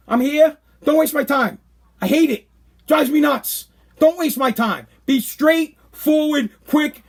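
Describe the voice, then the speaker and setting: Podcast host, man in his thirties, high voice, worked-up casual rant. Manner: animated, exasperated ranting. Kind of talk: casual ranting monologue.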